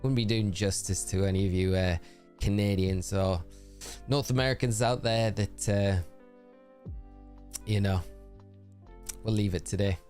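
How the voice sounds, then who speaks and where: A man's voice: lowish voice, steady tone, unhurried, pauses often, a little mellow, soft background music. A man with a tired voice, chatting casually and cheerfully with viewers while live-streaming a game. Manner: chatty and upbeat, thanking viewers by name.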